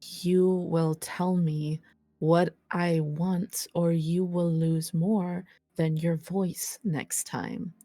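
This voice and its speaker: A woman voicing a cold, menacing stranger who threatens a captive slowly and deliberately. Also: fairly low pitch, little pitch movement, mellow, no room sound, soft background music, full character voice. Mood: threatening. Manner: slow, threatening.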